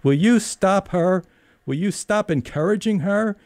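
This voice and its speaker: A man's voice: mid-range voice, sing-song, normal speed, creaky, a little mellow, dry recording, voice pushed up. A man voicing a stern, nagging middle-aged mother who scolds sharply. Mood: scolding.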